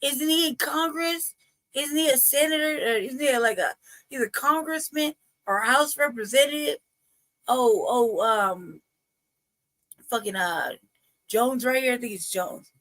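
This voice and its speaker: A woman with a Southern US accent chats casually as a livestream co-host. Her voice sits high, and her manner is blunt and profane. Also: a little slow, a bit bright. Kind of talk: casual chat.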